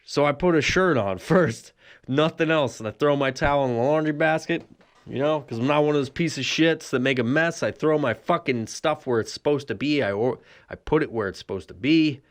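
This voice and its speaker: Profane rambling man, slightly high voice. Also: a little fast. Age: adult with a son. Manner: profane rambling with frequent laughs. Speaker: podcast host. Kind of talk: solo comedic storytelling.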